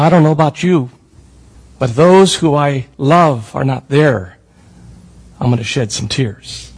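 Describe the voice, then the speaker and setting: A man's voice: sits high, husky, rough recording. A man preaching a sermon as pastor, with a prayer and emphatic questions to the congregation.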